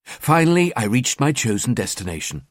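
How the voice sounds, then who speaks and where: A man narrating a crime thriller audiobook in the first person, with a cold, measured delivery. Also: medium pitch, big pitch swings, no echo, studio quality.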